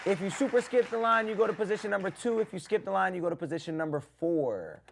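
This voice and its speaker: A man hosting a live music review stream, giving blunt critiques and shouting out viewers in the chat. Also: high voice, lively intonation, fast, creaky, crowd noise, noisy background. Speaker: music review livestream host. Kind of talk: casual live-stream commentary.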